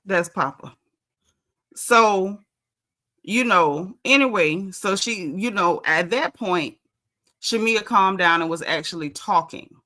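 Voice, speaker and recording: A woman's voice: lowish voice, measured pace, sharp tone. A woman giving a casual, opinionated recap of a reality TV show, speaking bluntly with lots of slang.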